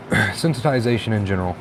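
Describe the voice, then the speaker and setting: A man's voice: on the low side, normal speed. Male livestream host, easygoing and encouraging, faint traffic outside. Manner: relaxed, encouraging, reads viewer comments aloud. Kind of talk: casual live-stream chat reading comments.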